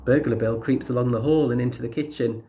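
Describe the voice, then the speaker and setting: Male teacher reading a kids picture book, steady clear voice, middling pitch. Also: fast talker, slight background noise.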